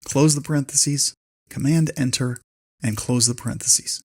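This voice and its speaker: A man hosting a spreadsheet tutorial, calmly dictating a long formula step by step. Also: medium pitch, normal speed. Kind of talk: screen-recorded software tutorial.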